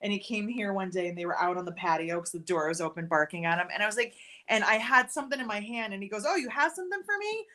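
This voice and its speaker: A woman co-hosting a casual live stream from her sewing room at home, chatty, laughing often and breaking into quick asides. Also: medium pitch, sharp tone. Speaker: livestream co-host. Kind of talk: casual chat while sewing. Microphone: computer mic on a live stream.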